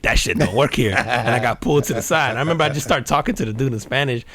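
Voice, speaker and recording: A man's voice: mid-range voice, very fast, slight background noise. A man co-hosting a podcast, telling stories in casual chat, laughing often and calling his friend "bro". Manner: animated storyteller, says "bro" a lot, laughs often. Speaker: podcast co-host.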